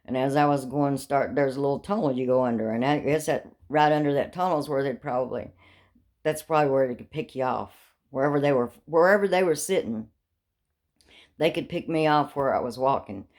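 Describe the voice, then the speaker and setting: A woman's voice: a bass voice, brisk, darkish tone. Rambling, darkly joking woman storyteller. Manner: talkative, darkly joking, laughs often. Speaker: vlogger telling life stories.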